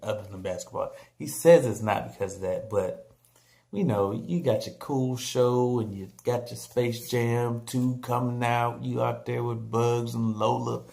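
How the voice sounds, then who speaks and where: A man holds forth on basketball in a casual vlog, animated and joking as he trash-talks teams and players. His mid-pitched voice has a gravelly, fry-laced texture. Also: measured pace. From San Antonio, Texas. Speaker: vlogger.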